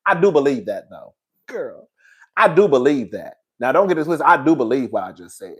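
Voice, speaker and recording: A man's voice: mid-range voice, big pitch swings, fast talker, fairly bright tone, slightly rough. A man hosting a casual gossip livestream, sassy and playfully dramatic, laughing often and calling everyone "girl" while he reads the chat. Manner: playfully dramatic, exaggerates for effect.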